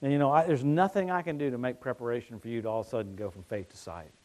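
A middle-aged man preaching a sermon, telling stories that swing from hushed tones to excited shouting. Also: mid-range voice, very fast.

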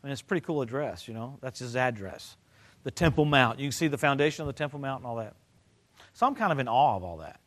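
An older man preaching a sermon, telling stories and swinging from loud excited bursts to low quiet stretches. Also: quick pace. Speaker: pastor.

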